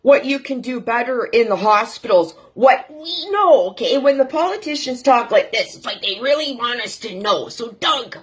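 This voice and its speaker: Canadian lady ranting about politics to her viewers, keeps saying okay guys, voice on the higher side. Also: normal speed, hardly any pauses, breathy edge. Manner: rambling, frequent "okay, guys?" tags, addresses politicians directly. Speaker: political commentary vlogger. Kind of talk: casual political rant to camera.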